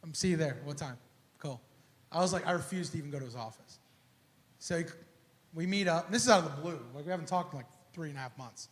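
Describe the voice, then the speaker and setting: A man preaching a sermon, telling a personal story in an animated, casual way full of slang and acted-out dialogue. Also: fairly high pitch, fast. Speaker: pastor. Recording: echoey church hall.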